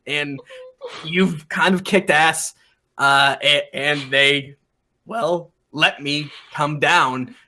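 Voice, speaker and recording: A dead king's ghost, played by a man running a tabletop game, chatting like an easygoing friend with plenty of swearing. The voice sits a bit high and sounds bright and forward. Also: heavily acted. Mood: reassuring. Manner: laid-back, swearing buddy talk. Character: ghost of a dead male king, casual and crude. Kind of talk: tabletop role-play character voice.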